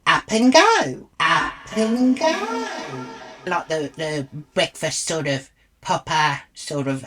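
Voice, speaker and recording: A woman with a broad Australian accent and a notably low voice rambles through a storytime tale. She is crude and blunt, and swears freely as she goes. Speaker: vlogger. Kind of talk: storytime monologue.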